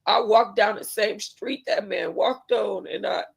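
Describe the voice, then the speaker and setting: A woman's voice: mid-range voice, a little slow, gravelly, breathy edge. A woman vlogger and mother talking in a casual vlog, emotional and heartfelt.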